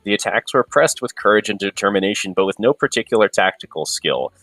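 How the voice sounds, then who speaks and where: A man's voice: on the low side, animated, fast, fairly bright tone, dry recording, soft background music, rough recording. A man co-hosting a casual podcast, reading passages from a history book aloud with hesitant fillers between them. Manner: hesitant, many ums and restarts. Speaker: podcast co-host.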